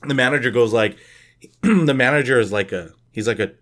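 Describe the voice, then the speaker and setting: A man's voice: medium pitch, a bit bright. Chatty male podcast co-host. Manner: talkative, many fillers, drops into quick put-on voices. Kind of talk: casual chat, posing scenarios.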